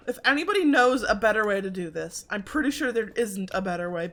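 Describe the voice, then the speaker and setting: Streaming a game, this woman talks animatedly and a little fast, barely pausing, in a medium-pitched, somewhat bright voice. Her chat is casual, profane, and self-mocking, with a slightly congested throat.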